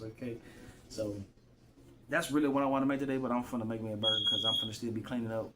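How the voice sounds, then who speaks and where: A man's voice: mid-range voice, fairly even intonation, fast, heavy background noise. A man vlogging straight to his phone in loose, rambling slang, often repeating himself. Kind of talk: casual rambling monologue to camera.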